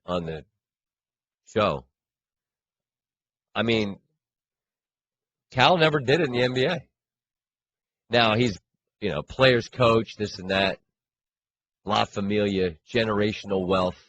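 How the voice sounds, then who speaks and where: Low-voiced male sports radio co-host. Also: low-quality recording. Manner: animated, self-mocking. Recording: faint room hiss.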